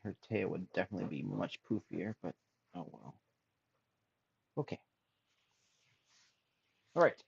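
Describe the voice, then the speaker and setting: A man chatting casually on a drawing stream, musing aloud softly as he sketches. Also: deep voice, lively intonation, a little slow, gravelly, long pauses, slightly rough, no echo, highs cut off. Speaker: streamer and artist. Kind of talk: casual chat while drawing.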